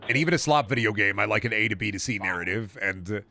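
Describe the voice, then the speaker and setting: A man's voice: on the low side, expressive, fast talker. A man streaming himself playing a game, rambling and joking sarcastically, swearing now and then. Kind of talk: casual gameplay commentary. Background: loud game music.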